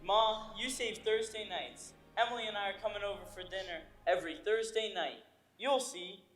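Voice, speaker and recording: A teenage boy playing a nervous young groom in a high school stage play. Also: moderate pace, fairly bright tone, faint music behind. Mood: cheerful. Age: teens. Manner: anxious, earnest. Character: nervous young groom on his wedding day. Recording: echoey auditorium stage.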